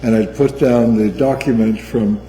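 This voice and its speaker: An older man chatting casually, telling animated anecdotes. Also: mid-range voice, normal speed, slight background noise. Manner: animated storyteller. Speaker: guest, mother figure. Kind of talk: casual storytelling chat. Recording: echoey room with long reverb.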